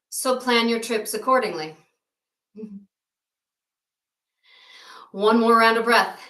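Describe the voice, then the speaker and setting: Playful woman yoga teacher, high bright voice, roomy far-off sound. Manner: playful, jokey asides. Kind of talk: guided yoga class with storytelling.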